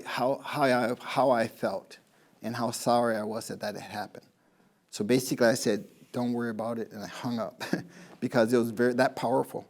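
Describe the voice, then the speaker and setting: A man's voice: mid-range voice, vocal fry, a little mellow. A man, a golf pro, giving a rambling motivational talk to a live audience, telling stories and asking the crowd questions.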